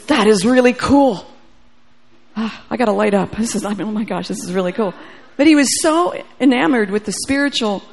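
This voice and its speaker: A woman's voice: mid-range voice, gravelly, a little mellow. A woman preacher telling a testimony in a sermon, acting out the dialogue and growing fervent. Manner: storytelling, acts out dialogue, grows fervent.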